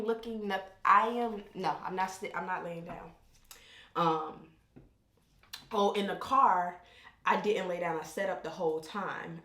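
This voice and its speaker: A woman's voice: on the low side, a bit bright. A woman vlogger telling a personal story in casual, candid talk that jumps around and keeps interrupting itself. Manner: rambling, self-interrupting, candid. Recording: roomy echo.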